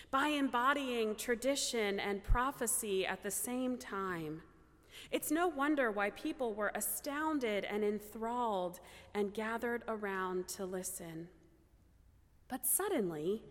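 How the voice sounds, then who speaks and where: A woman pastor delivering a sermon in a slow, measured way, with reflective pauses. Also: medium pitch, fairly bright tone. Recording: church hall with long reverb.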